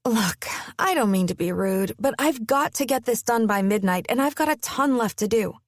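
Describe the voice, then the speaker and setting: A woman's voice: on the high side, animated, moderate pace, no room sound, studio quality, voice pushed up, lightly acted. A woman voicing a stressed, sarcastic young woman student in an audiobook. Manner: sarcastic, clipped.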